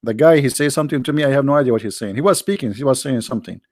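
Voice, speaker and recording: A man's voice: medium pitch, a little mellow, no room sound. Middle-aged guy on a livestream, sarcastic and jokey with the chat, choppy english, dry close sound. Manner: sarcastic, joking, reads chat aloud; halting non-native English phrasing. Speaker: livestream host. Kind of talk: casual live-chat banter.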